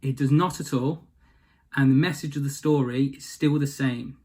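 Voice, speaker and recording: A man retelling a fairy tale in a casual comic style, with deadpan asides and rambling detours. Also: medium pitch, moderate pace. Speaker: storyteller.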